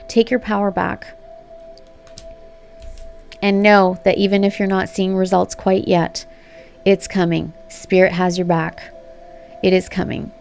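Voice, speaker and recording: Woman tarot reader, gravelly voice, gushing and affirming, faint music behind. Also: medium pitch, darkish tone. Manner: gushing, affirming, talks straight to viewers. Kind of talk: casual spoken tarot reading. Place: home room at a reading table.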